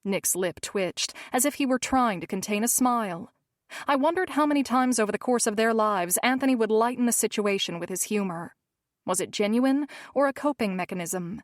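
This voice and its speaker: A woman narrating a romance novel in first person, measured and steady. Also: a little high, dry recording, studio quality. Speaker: audiobook narrator.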